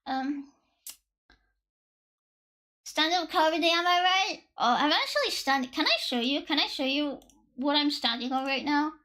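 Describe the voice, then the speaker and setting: Woman streamer, very high and bright voice, sarcastic and joking with chat, curses often, slightly worn voice. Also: unhurried, pauses often. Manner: joking, sarcastic, swearing freely. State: voice slightly worn from past strain. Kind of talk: casual chat with live viewers.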